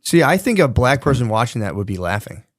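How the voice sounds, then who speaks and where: A man's voice: mid-range voice, sing-song, fast talker, no echo, clean studio sound. Laid-back joking podcast co-host man. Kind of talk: casual podcast chat.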